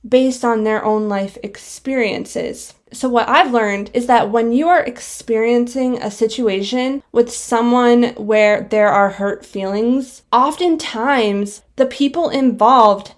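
Young woman, slightly high voice, breathless, earnest reflective vlog chat. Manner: reflective, earnest, explaining step by step. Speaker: vlogger. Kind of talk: casual commentary.

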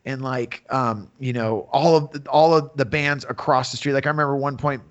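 A man's voice: medium pitch, steady tone, moderate pace, fairly bright tone. A man from the Bay Area in his fifties, telling stories as a guest in a casual interview, rambling with many fillers. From San Francisco Bay Area. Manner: rambling, full of fillers, acts out quotes. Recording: dull lo-fi audio.

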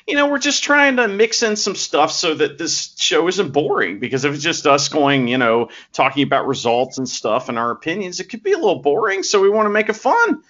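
A man's voice: on the high side, big pitch swings, brisk, hardly any pauses, fairly bright tone, dull audio. Easygoing man co-hosting a podcast. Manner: easygoing, jokey. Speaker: podcast co-host. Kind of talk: casual chat.

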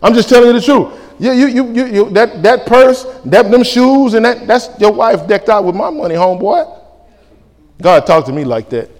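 A male pastor preaching a sermon, lively and colloquial, acting out back-and-forth dialogues. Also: high-pitched, moderate pace. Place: church sanctuary. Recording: reverberant church hall.

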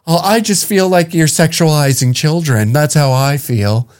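A man's voice: fairly high pitch, moderate pace, darkish tone, pitched above the performer's own voice, close to an everyday voice. A man putting on the voice of a whiny woman who argues with her feelings, pleading and self-pitying.

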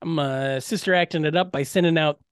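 A man's voice: a little high, fairly quick, smooth, no room sound, clean studio sound. A man co-hosting a podcast, telling rambling, profane comic stories in casual chat. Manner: rambling, profane, jokey storyteller. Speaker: podcast co-host.

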